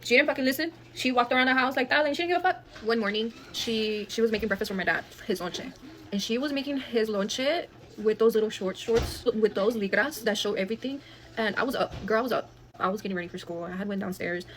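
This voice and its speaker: A woman's voice: on the high side, fast. A woman telling a personal storytime, blunt and full of swearing, dropping into Spanish phrases. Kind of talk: storytime monologue.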